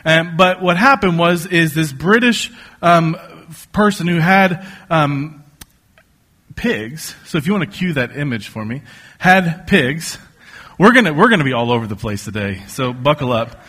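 A male pastor with a bright, slightly high voice tells a sermon story with jokes. He talks loosely, full of ums and restarts. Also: expressive, a little slow. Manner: joking, storytelling, many fillers and restarts.

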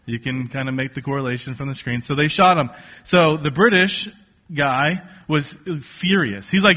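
A man preaching a casual, joking sermon to a congregation, telling stories with lively asides. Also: on the high side, normal speed. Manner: conversational, joking, animated storytelling. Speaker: pastor. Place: church stage before a congregation.

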